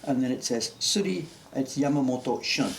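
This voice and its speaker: A man's voice: mid-range voice, normal speed, gravelly. Chatty Canadian man in his sixties. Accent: Canadian with faint English traces. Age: 60s. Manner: chatty, enthusiastic, easily amused. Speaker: printmaker streaming his workshop. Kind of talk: casual live-stream chat. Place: print workshop, indoors. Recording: echoey room with background noise.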